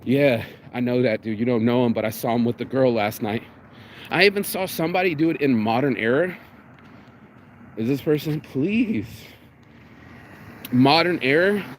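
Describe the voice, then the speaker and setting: Man, middle-pitched voice, profane rambling storytelling, casual vlog rant, faint noise behind. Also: moderate pace, pauses often. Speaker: vlogger.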